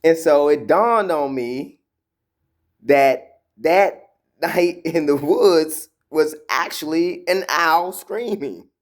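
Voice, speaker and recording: A man casually telling a personal spiritual story, rambling with many fillers and repeated words, acting out quotes as he goes. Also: a little high. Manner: retells quotes in a lively animated way.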